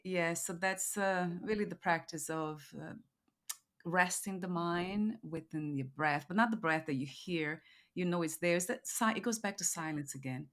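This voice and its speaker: A woman hosting a podcast, speaking in a soft, musing way and often pausing to restart her thoughts as she reflects aloud. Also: on the low side. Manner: soft-spoken, musing, trails off and restarts while thinking aloud. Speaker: podcast host. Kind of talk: reflective conversational interview.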